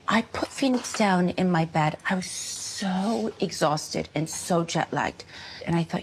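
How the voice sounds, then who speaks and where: A woman telling her story in a hushed, soft interview style. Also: fairly low pitch, unhurried, slight background noise. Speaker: reality show cast member. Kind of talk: confessional interview.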